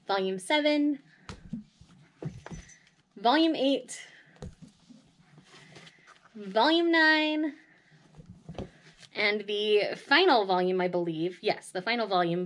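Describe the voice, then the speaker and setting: Her voice is mid-range and fairly bright as this manga vlogger chats straight to her audience during a casual unboxing, gushing, emotional and frequently laughing. There's slight hiss or hum.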